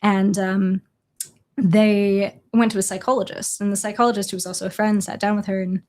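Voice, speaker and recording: A young adult woman from Chicago, a journalist guest, telling a story in an earnest, halting way with quoted dialogue. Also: medium pitch, level tone, a little mellow. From Chicago, USA. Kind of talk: storytelling in a conversational interview.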